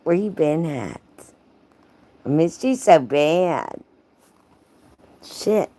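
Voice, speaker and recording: Speaking in a warm, low voice with lively intonation and drawn-out words, a woman hosts a livestream. She reads a racy story aloud, pausing to tease chat by name with profane humor, and she laughs frequently.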